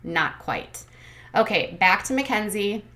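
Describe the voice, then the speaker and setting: A woman's voice: mid-range voice, expressive, unhurried, fairly bright tone. A woman hosting a commentary channel, recapping casually in a chatty, sarcastic, critical way. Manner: sarcastic, critical, chatty with many ums and likes.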